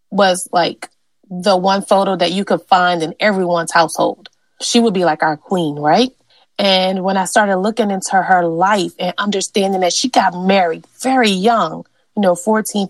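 A woman's voice: mid-range voice, no room sound, rough recording. Earnest woman telling family stories. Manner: earnest, conversational, with fillers. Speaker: genealogist and interviewee. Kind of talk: personal storytelling interview.

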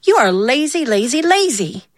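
A woman's voice: on the high side, sing-song, moderate pace, a bit bright, no room sound, voice pushed up, heavily acted. A woman voicing a hardworking little girl ant who scolds in sing-song refrains, in a storybook tale. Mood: scolding.

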